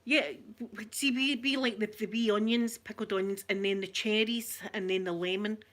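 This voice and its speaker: A Scottish woman vlogger chatting casually with her viewers, talkative and quick to laugh at herself. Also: medium pitch, steady tone, a bit bright. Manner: chatty, laughs often, self-mocking. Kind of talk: casual live-stream chat.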